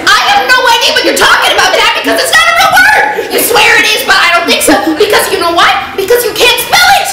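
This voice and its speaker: A seventeen-year-old girl does a one-woman comedy show, ranting in an exasperated, self-mocking way. Her voice is very high with big pitch swings, and she talks fast with hardly any pauses. She's recorded from far off in an echoey hall with loud noise.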